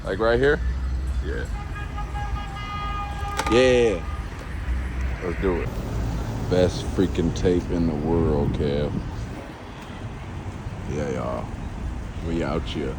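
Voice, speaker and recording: A man's voice: sits low, extremely slow, long pauses. A man in a casual vlog who talks straight to camera. He is out on a city street hanging flyers and keeps calling his viewers "y'all". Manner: laid-back, addresses viewers as "y'all". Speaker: vlogger and hip-hop artist. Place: outdoors on a city street by traffic. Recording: street noise behind. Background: traffic and street noise.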